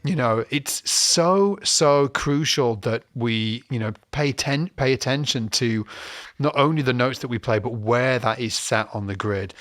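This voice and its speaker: A man hosting a casual bass chat, rambling and telling stories with lively acted-out quotes. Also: unhurried, dry recording, studio quality. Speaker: bass teacher and host. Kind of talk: casual chat about playing.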